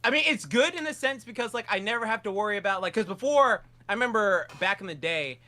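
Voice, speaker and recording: A man hosting a podcast, telling stories in an animated, profane, casual way. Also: high voice, quick pace. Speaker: podcast host. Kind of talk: casual chat.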